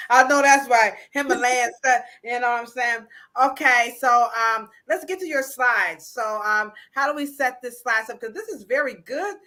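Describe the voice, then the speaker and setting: Female livestream host, bright, playful, teasing banter. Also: a little high. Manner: playful, teasing, slangy, mock-scolding asides. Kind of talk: casual livestream chat.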